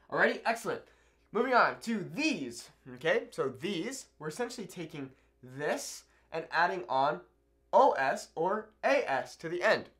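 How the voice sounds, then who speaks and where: A man teaching a video language lesson at a board, upbeat and animated, checking in often with the viewer. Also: fairly high pitch. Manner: upbeat, animated, keeps asking "okay?". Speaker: Spanish teacher.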